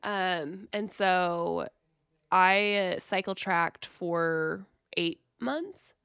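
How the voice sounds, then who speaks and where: A woman with a lowish, gravelly voice talking supportively on a podcast. She shares her own experiences in an easy, reassuring way. The sound is dry and close. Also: extremely slow, fairly bright tone, no echo. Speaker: podcast co-host and editor. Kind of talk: casual chat.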